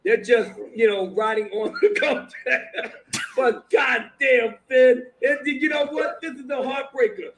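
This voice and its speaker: Excitable laughing male host. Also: very high voice, unhurried, noisy background. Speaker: livestream host. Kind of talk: casual livestream chat.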